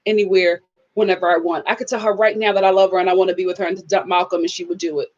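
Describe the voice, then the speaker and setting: A woman's voice: on the low side, level tone, very fast, dull audio, voice pushed down, close to an everyday voice. A woman voicing a cocky man who sounds boastful and sure of himself. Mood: smug.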